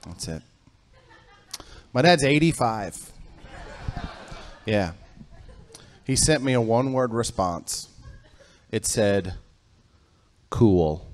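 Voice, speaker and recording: A middle-aged man performing stand-up on a comedy club stage, telling a story that builds to loud, animated punchlines. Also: on the low side, a little hiss or hum.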